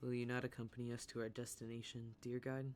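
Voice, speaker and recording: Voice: medium pitch, flat delivery, quick pace, a little mellow, voice pushed down, natural voice. A streamer voicing a curious, old-fashioned knight. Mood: courteous. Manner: old-fashioned, flowery phrasing. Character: archaic-speaking, curious, cheerful knight. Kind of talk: game dialogue read aloud.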